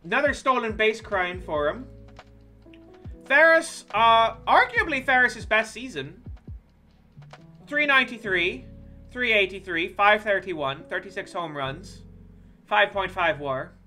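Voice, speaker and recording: A streamer giving casual gameplay commentary, profane and quick to break into loud, exasperated outbursts. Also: mid-range voice, animated, soft background music.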